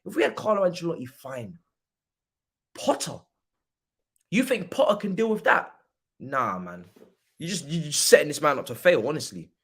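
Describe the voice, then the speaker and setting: A young man hosting a football watchalong stream, talking casually in slang and breaking into loud mock-outraged rants. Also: a little high, very animated, normal speed, pauses often. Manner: laid-back football opinions. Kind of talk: casual livestream chat.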